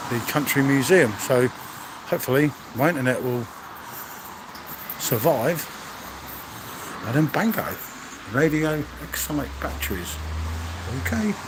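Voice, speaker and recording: A chatty, mid-range-voiced man vlogs live while walking through an indoor museum of old exhibits, marvelling at what he sees and greeting viewers in chat by name. He records on a handheld phone as he walks, with a noisy background.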